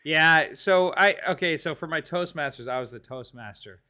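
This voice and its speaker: A man co-hosting a casual movie talk show, telling scenes with lively impressions. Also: on the high side, normal speed. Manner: animated, bursts into exaggerated impressions while retelling scenes. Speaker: co-host. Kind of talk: casual chat.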